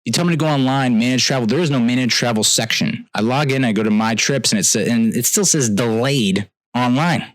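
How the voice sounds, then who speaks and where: A young man, telling a comedic story on a podcast with exasperated ranting that swings from loud outbursts to low mutters. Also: fairly quick, hardly any pauses, no echo. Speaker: podcast host.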